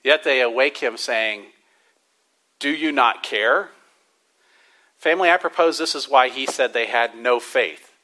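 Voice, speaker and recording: A man preaching a sermon to a church congregation, stressing words with slow emphasis and then dropping to a quiet hush. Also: mid-range voice, low-quality recording. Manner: emphatic preaching with drawn-out stresses and sudden soft drops. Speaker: pastor.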